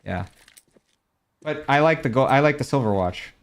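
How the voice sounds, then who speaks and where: A man's voice: medium pitch, animated, moderate pace. A young man streaming a game, chatting casually and answering viewers' questions about gear and ranks. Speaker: gaming streamer. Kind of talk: casual chat while showing game skins.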